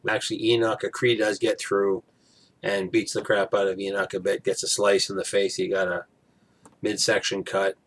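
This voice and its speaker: A man's voice: on the low side, little pitch movement, moderate pace, a bit bright. A man recapping a TV episode in a casual, rambling way, full of fillers. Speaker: TV episode reviewer.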